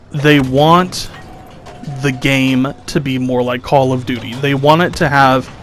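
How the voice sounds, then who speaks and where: A young man's mid-range voice, with a little hiss or hum in the audio, provides exasperated gameplay commentary. He's sarcastic and mocks his critics by mimicking them in whiny tones.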